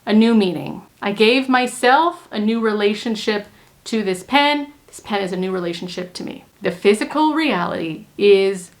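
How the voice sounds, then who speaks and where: A woman's voice: mid-range voice, normal speed. A young woman talking to camera as a manifestation coach, earnest and emphatic, repeating points for stress. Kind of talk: casual talk to camera.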